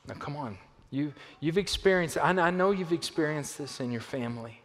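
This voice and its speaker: A man preaching a sermon as pastor, swinging between loud emphasis and hushed lines, with playful asides to a volunteer on stage. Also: on the high side, expressive, normal speed. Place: church auditorium. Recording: long hall reverb.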